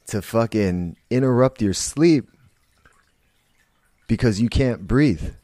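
A man's voice: medium pitch, expressive, takes it slowly, pauses often, warm tone, no echo. A man hosting a podcast, talking in a blunt, profane, rambling monologue full of restarts. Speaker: podcast host. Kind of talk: casual monologue.

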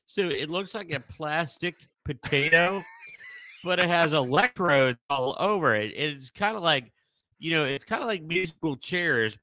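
Casual male co-host, unhurried and bouncy, bright clear tone, giggles through it. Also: on the high side. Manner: laughs often, playful. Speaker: podcast co-host. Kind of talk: casual chat.

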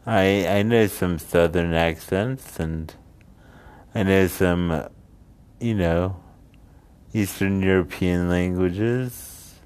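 A man's voice: deep voice, a little mellow, clean tone. A man from the United States telling a casual story and rambling into musings. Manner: rambling, drifts between anecdote and musing.

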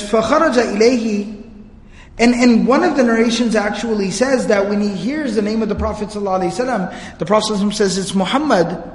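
A male teacher giving a storytelling religious history lecture with casual asides. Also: sits high. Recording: echoey hall.

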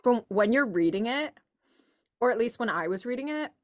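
A woman's voice: on the high side, animated, moderate pace. A young woman, a university student, co-hosting a book club podcast and chatting casually with friends, full of "like" fillers as she thinks aloud. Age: young adult. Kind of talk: casual chat.

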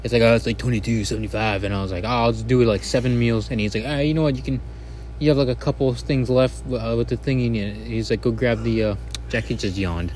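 A man's voice: mid-range voice, steady tone, fast, a little mellow, slight background noise. A man hosting a casual podcast, joking, teasing and swearing as he chats with his co-host. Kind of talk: casual chat.

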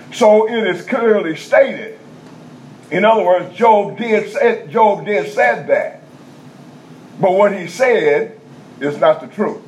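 A man preaching a teaching sermon in a conversational style, checking in with the congregation and repeating key points slowly in vernacular speech. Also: a little high. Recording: dull lo-fi sound with faint background noise.

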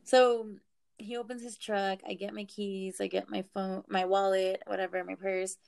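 A young woman casually telling a story, animated, swearing and laughing as she goes. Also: medium pitch, moderate pace, gravelly.

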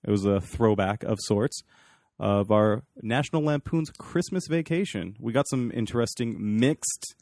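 A man's voice: fairly low pitch, darkish tone, no room sound, clean studio sound. A man hosting a podcast, chatting casually and teasing his co-hosts. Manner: teasing, jokey banter. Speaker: podcast host.

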